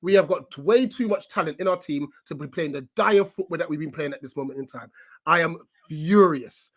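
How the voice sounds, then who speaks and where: Exasperated fan ranting. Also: male voice, on the high side, fairly quick. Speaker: guest fan pundit. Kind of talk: live football fan panel chat. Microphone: home video call.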